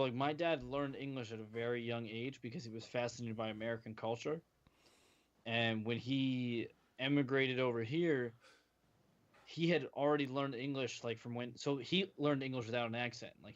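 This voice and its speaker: A man's voice: medium pitch, lo-fi sound. Chatty guest man from New Jersey. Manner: chatty storyteller, repeats words. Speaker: podcast guest. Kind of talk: casual chat.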